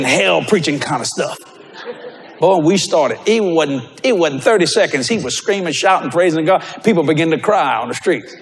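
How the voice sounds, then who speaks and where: A man preaching a sermon, telling stories with animated delivery and bursts of shouting. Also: sits high. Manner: animated storytelling, breaks into shouts.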